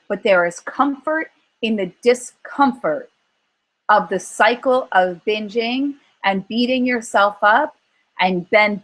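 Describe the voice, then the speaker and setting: A woman's voice: fairly high pitch, low-quality recording. Earnest woman coaching by story. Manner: earnest, animated storytelling with acted-out inner voices. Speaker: weight-loss coach. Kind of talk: coaching talk on a group call.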